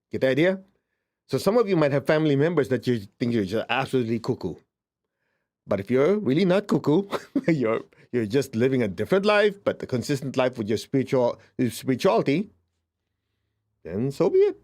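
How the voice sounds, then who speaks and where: A man teaching spirituality in a conversational way, checking in with his listeners often and jumping up in pitch for emphasis. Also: a little fast. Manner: lively, swings up in pitch for emphasis. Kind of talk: informal spiritual talk.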